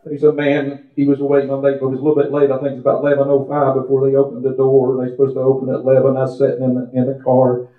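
A man's voice: medium pitch, monotone, quick pace. A man preaching a fervent testimony sermon, his voice climbing as he prays aloud and slipping into folksy storytelling. The sound is echoey, as if from a big room, and squeezed thin like it is coming over a phone line. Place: church service.

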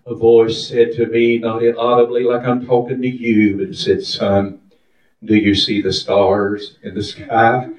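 A man's voice: mid-range voice, flat delivery, unhurried, a little mellow, roomy sound. A man preaching a testimony sermon in a fervent, sing-song style, calling out hallelujahs, recorded from a distance in a church. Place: church sanctuary.

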